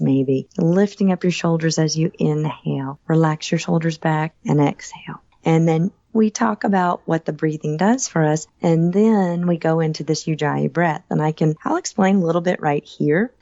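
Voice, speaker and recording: A middle-aged woman yoga instructor answering podcast questions, explaining breathing slowly and calmly, step by step. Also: low-pitched, vocal fry, no echo, muffled recording.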